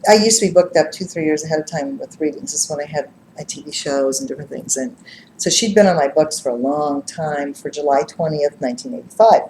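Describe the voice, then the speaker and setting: A middle-aged woman with a lowish voice tells stories to a live group in a casual, animated way, laughing and acting out what others said. She sounds roomy and echoey, with a faint ambience hum behind her. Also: brisk. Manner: animated, laughs and acts out quotes. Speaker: psychic reader and speaker. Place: live-streamed gathering room.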